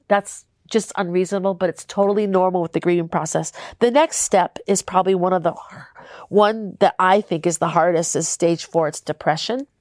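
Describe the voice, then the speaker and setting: A woman's voice: on the low side, a little mellow, dry recording, studio quality. A young adult woman hosting a faith podcast, talking to listeners in an earnest, emotional way that is tearful at times. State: crying at times. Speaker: podcast host. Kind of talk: heartfelt faith podcast talk.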